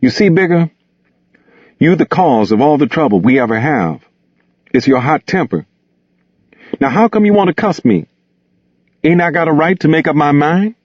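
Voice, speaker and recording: A man's voice: fairly high pitch, animated, normal speed, pauses often, darkish tone, no room sound, highs cut off, pitched above the performer's own voice. A man putting on a proud, reproachful young man, Gus. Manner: reproachful, insistent. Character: hurt, proud young man pleading reasonably.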